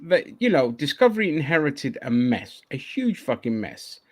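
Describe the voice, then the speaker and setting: A man's voice: medium pitch, very animated, moderate pace, no room sound. A man hosting a casual online chat show, rambling and swearing, with lots of restarts. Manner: profane, rambling, many restarts. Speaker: podcast host.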